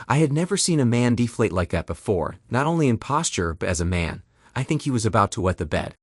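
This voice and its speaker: A man narrates a first-person story in a bitter, indignant tone. His voice is husky and swings widely in pitch. The recording is dry and close, with no room sound. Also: big pitch swings, fast, no room sound.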